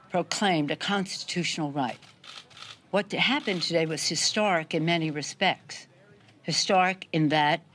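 A woman delivering a forceful, declamatory political speech. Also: low-pitched.

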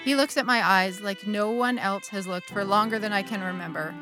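A woman's voice: medium pitch, a little fast, over music, close to an everyday voice. An actress playing a middle-aged churchgoing wife who confesses an affair to her bishop, wry and candid, with sudden bursts of feeling. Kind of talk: dramatic monologue.

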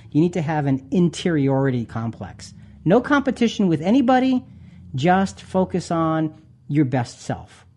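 A man's voice: fairly high pitch, mellow. A man hosting a Christian talk radio show, talking earnestly with many restarts. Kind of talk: casual radio chat.

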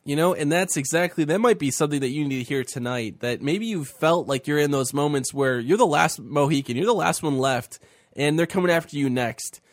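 A man's voice: a little high, brisk, no echo. Man teaching Bible stories with feeling. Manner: animated, acting out the biblical speakers' lines. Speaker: co-host of a faith talk show.

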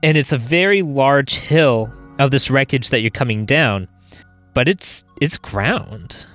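Male game master, slow measured narration, faint music bed. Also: medium pitch, lively intonation, fairly bright tone, no echo. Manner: measured, descriptive.

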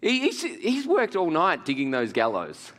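A male pastor preaching a sermon to a live audience in an animated, joking way, laughing often. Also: on the high side, measured pace. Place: large hall with audience. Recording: long hall reverb.

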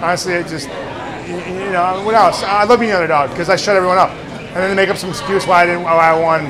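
A man's voice: sits high, fairly even intonation, fast, crowd noise. A man speaking as a fighter in a press scrum, brash and repetitive, swearing casually. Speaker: fighter at media day. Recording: noisy crowded media room.

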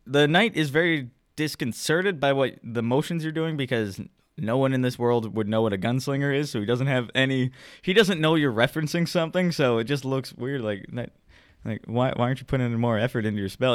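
A game master narrating a tabletop session in a playful, chuckling way. His voice is mid-pitched and the sound is dry and close. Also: a little fast, hardly any pauses, dry recording. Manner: playful, often laughing through descriptions.

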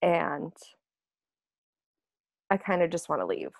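A woman voicing a shy woman whose head sits in a dome, talking hesitantly with many pauses and soft laughs. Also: on the low side, sing-song, creaky, dry recording, heavily acted. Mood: uneasy. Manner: hesitant, many ums, giggly.

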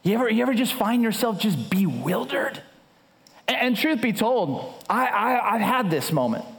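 A male pastor in his thirties preaches with animated storytelling energy. His voice sits notably high for a man, and he often stumbles and restarts mid-sentence. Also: normal speed. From United States. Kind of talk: sermon with storytelling.

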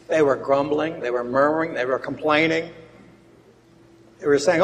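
A man preaching a sermon and reading scripture aloud, who swings between loud emphatic reading and quiet asides. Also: fairly high pitch, fairly even intonation, moderate pace, pauses often. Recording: long hall reverb.

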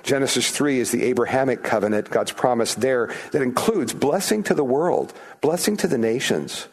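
Guy preaching at church, average pitch, chatty, asks the room stuff, does little voices for quotes. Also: moderate pace, breathy edge. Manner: conversational, asks the congregation questions. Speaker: pastor. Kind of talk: sermon.

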